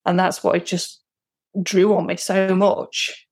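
A woman's voice: on the low side, flat delivery, takes it slowly, creaky, a little mellow, no echo. A woman, a guest talking candidly and reflectively about her experience, with hesitant restarts. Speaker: guest, client. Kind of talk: personal conversation.

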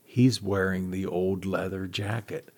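A man's voice: deep voice, fairly even intonation, unhurried. A man in a casual film podcast discussion who speaks in a precise way, pointing out small details.

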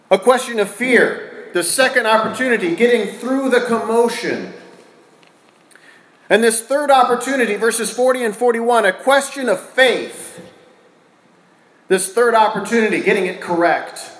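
A man preaching a sermon to a congregation, asking them questions and swinging between loud and hushed delivery. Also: high-pitched. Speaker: pastor. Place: church hall with a congregation. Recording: echoey church room.

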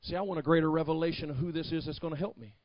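Male pastor, high-pitched and dramatic, preaching a sermon with shouted peaks and quiet story passages, dry lo-fi recording. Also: rapid-fire, a crowd in the background. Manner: preaching with shouted climaxes, then hushed storytelling.

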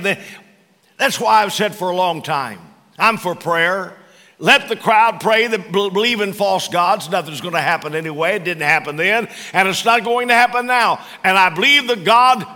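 Bright-voiced man preaching in a hall. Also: high-pitched. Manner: animated storytelling with humorous asides. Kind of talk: sermon. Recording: long reverb of a large hall.

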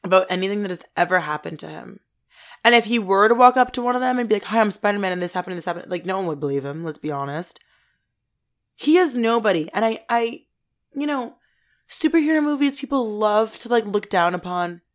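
Twenty-something woman podcast cohost, ranty and excitable, swears a lot. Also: medium pitch, brisk. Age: 20s. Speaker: podcast co-host. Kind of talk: casual chat.

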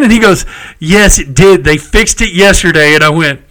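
A man's voice: high voice, moderate pace, bright, forceful tone, rough recording. A middle-aged man, telling a story in casual chat, exasperated and cursing freely. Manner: chatty, exasperated, salty language.

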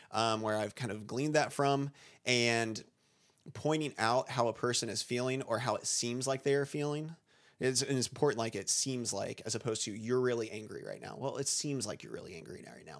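A man with a mid-range voice talks in a relaxed, conversational way. He circles around his points and restarts his sentences often, with plenty of fillers as he thinks aloud. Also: medium pitch. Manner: thoughtful, rambling with many restarts and fillers. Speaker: podcast co-host, school staff. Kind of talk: casual conversation.

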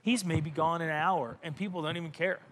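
A male pastor preaching a sermon in an animated, emphatic way, often repeating his phrases. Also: a little high, a little fast, big-room sound.

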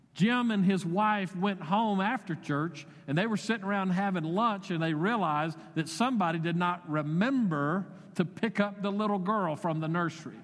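Man, pastor, sermon, slightly high voice, conversational, wry asides, reverberant church sanctuary. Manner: conversational preaching with wry asides and varied emphasis.

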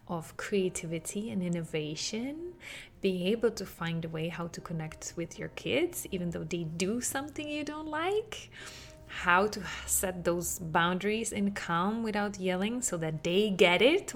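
Gravelly-voiced woman podcast host. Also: mid-range voice. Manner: animated, acts out quotes with laughs. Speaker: podcast host, parenting coach. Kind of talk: podcast monologue.

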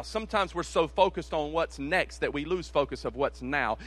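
Bright-voiced preaching man. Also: on the high side, animated. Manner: swings from shouted calls to hushed, rapid asides; preacher's repetitive, rhythmic cadence. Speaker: pastor. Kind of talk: sermon. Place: church service.

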